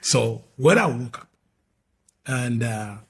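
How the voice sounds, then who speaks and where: A middle-aged male pastor, giving his testimony as an emphatic storyteller who swings between loud and hushed. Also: medium pitch, expressive, slow pace. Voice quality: very husky. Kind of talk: testimony sermon.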